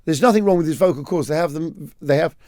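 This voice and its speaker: A middle-aged man co-hosting a podcast, rambling and animated as he tells stories. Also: on the high side, fast, dry recording, studio quality. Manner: rambling, animated joke-teller. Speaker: podcast co-host. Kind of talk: casual storytelling chat.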